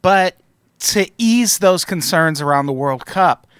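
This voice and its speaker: A man's voice: sits high, lively intonation, takes it slowly, smooth, dry recording. A man hosting a podcast in casual chat, wry and profane with a sarcastic edge, on a close microphone. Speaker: podcast host.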